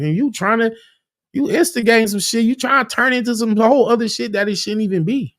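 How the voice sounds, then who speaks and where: A man giving casual livestream commentary on battle rap, animated and profane, often restarting his words and acting out quoted arguments. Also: extremely high pitch, fairly quick, no room sound, studio quality. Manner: acts out quoted arguments in a raised voice.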